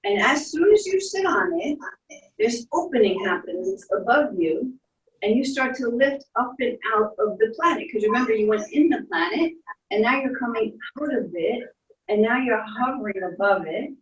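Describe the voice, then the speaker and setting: A woman leading children through a guided imagination story, in a soft, playful storytelling way with little sound effects. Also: fairly high pitch, animated, normal speed, highs cut off. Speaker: instructor leading a guided visualization. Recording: echoey room, distant from mic.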